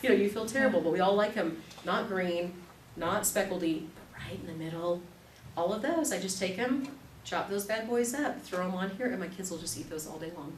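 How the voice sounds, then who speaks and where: A woman in her thirties leads a live cooking class, telling lively stories and laughing along. Her voice sits a little low, and it is picked up from a distance in a reverberant room with faint noise behind. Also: brisk. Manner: chatty, animated storytelling with laughter. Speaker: class instructor.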